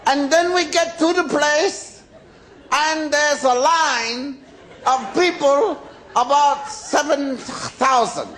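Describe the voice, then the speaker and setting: An American man in his forties doing stand-up, telling a long story in a drawn-out, animated way and shouting the punchlines. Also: extremely high pitch, low-quality recording. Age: 40s. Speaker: stand-up comedian. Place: comedy stage before a live audience. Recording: live stand-up with loud audience laughter and noise.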